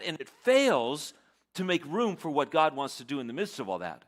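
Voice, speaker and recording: Higher-voiced man preaching a sermon. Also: big pitch swings, moderate pace, fairly bright tone. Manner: dramatic, acts out quoted self-doubt in a higher voice. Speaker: pastor.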